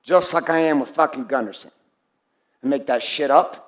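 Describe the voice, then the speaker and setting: A man's voice: mid-range voice, normal speed, roomy sound. A man giving a blunt, profane and intense motivational speech to his group, calling on people by name. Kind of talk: live motivational speech to an audience.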